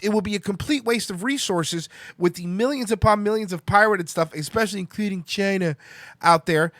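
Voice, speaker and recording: Profane, high-voiced man ranting. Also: brisk, fairly bright tone, no room sound, clean studio sound. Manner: profane, heated ranting with frequent restarts. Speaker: podcast host. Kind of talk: ranting live-stream talk.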